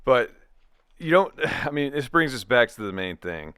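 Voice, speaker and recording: A man's voice: medium pitch, very animated, normal speed, a bit bright, clean tone, no room sound, clean studio sound. A man co-hosting a casual chat, joking, giggling and tripping over his words. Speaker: co-host.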